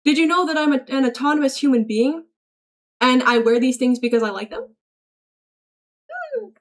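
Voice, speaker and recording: A woman streamer reads her chat aloud and reacts as she goes, chatty and casual, swearing freely and laughing often. Her voice sits high and moves fairly quickly.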